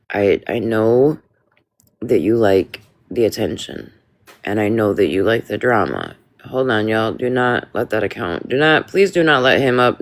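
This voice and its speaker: A man hosts a live stream and calmly steps in to mediate a heated argument. His pitch moves a lot, and the sound is dry and close to the mic. He keeps telling the others to hold on. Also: no echo. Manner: calm, mediating, tells speakers to hold on. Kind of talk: moderating a live stream dispute.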